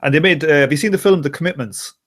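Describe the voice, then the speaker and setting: A man's voice: a little high, quick pace, fairly bright tone. A man from Ireland with a Dublin Irish accent, chatting casually as a guest and rambling with many restarts and fillers. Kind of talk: casual chat.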